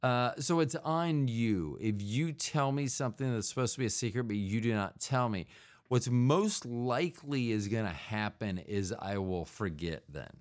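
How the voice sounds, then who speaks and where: A man's voice: mid-range voice, lively intonation, moderate pace. A man hosting a solo podcast in a rambling, digressive comedic monologue, full of fillers and playful mouth sound effects. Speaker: podcast host.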